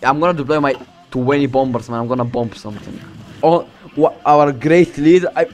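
A young man from the Balkans casually commenting on his strategy game, boasting, swearing and joking to himself as he plays, with loud music behind him. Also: medium pitch, fairly quick. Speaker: streamer playing a strategy game. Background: loud background music.

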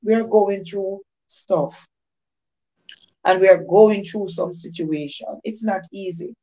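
The speaker is a woman of medium pitch whose mellow voice takes its time as she offers an informal devotional testimony. Phrases recur in an emphatic preaching cadence, and the recording sounds dull and lo-fi.

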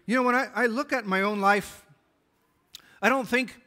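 A man's voice: sits high, normal speed, pushed and bright. A man pastor preaching a sermon, reading scripture aloud and explaining it earnestly. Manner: earnest Bible exposition, reading scripture aloud with small restarts.

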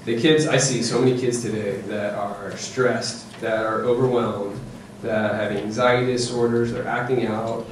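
A man giving a lively, joking parenting talk to an audience, often checking in with "okay?" and "right?". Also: medium pitch, recorded from a distance, a little hiss or hum. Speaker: presenter to parents. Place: presentation room with audience. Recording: echoey room, voice from afar.

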